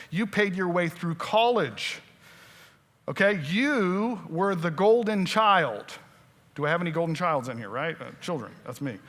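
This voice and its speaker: A man's voice: high-pitched, sharp tone. A male pastor preaching a sermon in a conversational way, often quizzing his listeners with questions. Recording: long church-hall reverb.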